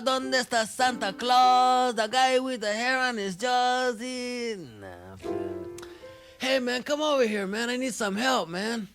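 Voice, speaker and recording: A high, jittery would-be songwriter. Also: male voice, fairly bright tone, exaggerated voice. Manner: slangy, rambling, stammering. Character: jittery young man struggling to write a song.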